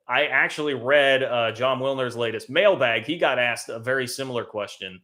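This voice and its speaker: Man, sports talk host, live-stream commentary, bright forceful tone, emphatic, conversational. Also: mid-range voice, normal speed, hardly any pauses. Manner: conversational, emphatic, thinking aloud. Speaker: college football show host.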